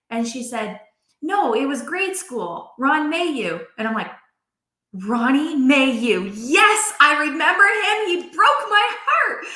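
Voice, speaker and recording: A woman in her forties hosting a live video, telling a personal story to viewers in a chatty, animated way. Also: sits high, roomy sound. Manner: chatty, animated, acts out quoted voices.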